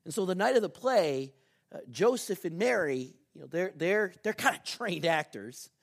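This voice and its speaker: A man preaching a sermon as pastor, telling a story with lively ups and downs and soft, earnest appeals. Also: high voice, moderate pace, creaky.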